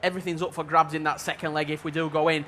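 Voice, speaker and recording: A man giving play-by-play commentary on a football video game match, measured and level-headed in his analysis. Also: fairly high pitch, level tone, a bit bright, slight background noise. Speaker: esports commentator.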